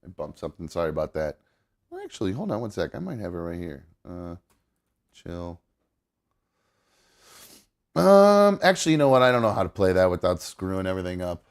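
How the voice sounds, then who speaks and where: A man's voice: sits low, very animated, brisk, pauses often. A man hosting a casual podcast, rambling with lots of fillers and restarts, sentimental and muttering to himself as he fiddles with his setup. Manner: sentimental, gets choked up. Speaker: podcast host. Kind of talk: casual chat.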